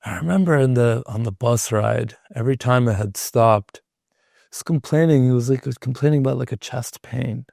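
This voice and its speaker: A man's voice: mid-range voice, moderate pace, vocal fry, darkish tone, no echo, clean studio sound. A man from Canada hosting a podcast, telling a personal story in a loose, chatty way and filling his talk with "like.". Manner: loose and chatty, leans on filler "like". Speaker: podcast host. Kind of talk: casual conversational storytelling.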